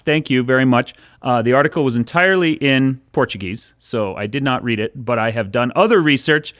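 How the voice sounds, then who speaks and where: A man co-hosting a podcast, telling a history story in a relaxed, rambling way. His voice sits in the middle of the range. It is recorded close on a dry studio mic. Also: mid-range voice, a little fast, no room sound. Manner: storytelling with fillers, self-mocking. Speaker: podcast co-host. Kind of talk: casual chat.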